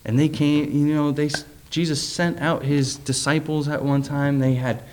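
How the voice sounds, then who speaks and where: A man's voice: on the high side, level tone, moderate pace, hardly any pauses, darkish tone, slight background noise. A middle-aged man preaching a sermon, reading scripture aloud and then talking it over loosely with fillers and questions to the listeners.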